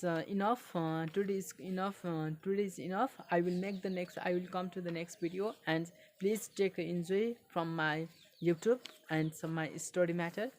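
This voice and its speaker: A woman, not a native English speaker, reading a book aloud in a halting way and repeating phrases for learners. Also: fairly low pitch, slight background noise.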